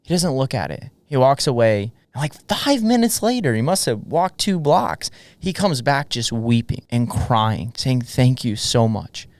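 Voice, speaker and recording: Smooth-voiced fervent male podcast host. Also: mid-range voice, normal speed, few pauses, dry recording. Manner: energetic, fervent storyteller. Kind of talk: conversational interview, personal storytelling.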